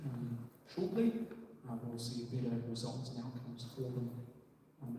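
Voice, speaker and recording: A man's voice: medium pitch, warm tone, a little hiss or hum. A man, a police officer giving an earnest, filler-heavy community talk. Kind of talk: community presentation. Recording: echoey hall from far off.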